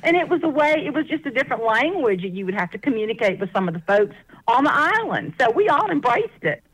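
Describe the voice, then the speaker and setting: A woman's voice: fairly high pitch, very animated, fast, fairly bright tone, breathy edge, poor audio. A woman from the American South with a Southern accent, a guest author telling folksy stories on a radio show. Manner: folksy, laughs often, chatty. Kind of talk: casual interview storytelling.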